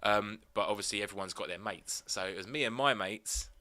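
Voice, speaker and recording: A man's voice: on the low side, a little fast. A young man co-hosting a podcast, telling rambling, sweary stories in casual chat. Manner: rambling, sweary, animated storytelling. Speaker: podcast co-host.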